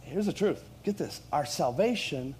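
Animated pastor preaching. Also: male voice, a little high, normal speed, a little hiss or hum. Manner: animated preaching, rising loud on key lines. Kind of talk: sermon. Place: church.

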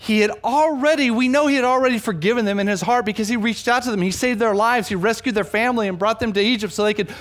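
A man preaching a sermon, animated, swinging between loud emphasis and hushed asides, often repeating words for emphasis. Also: sits high, fast talker, hardly any pauses. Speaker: pastor.

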